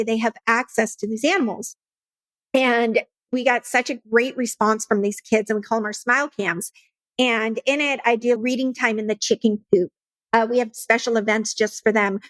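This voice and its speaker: A woman's voice: fairly high pitch, fairly bright tone, dry recording. A woman who founded a nonprofit, earnestly telling her own story in an interview and acting out her past conversations. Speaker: nonprofit founder, podcast guest.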